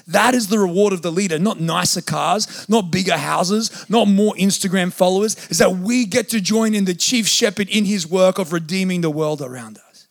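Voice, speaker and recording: A man's voice: high-pitched, normal speed, creaky. A man preaching a sermon as a pastor, conversational and joking now and then.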